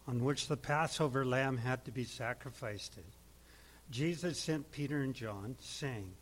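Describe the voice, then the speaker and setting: A man reading scripture aloud in a steady, even manner. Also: medium pitch, low-quality recording. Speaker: scripture reader.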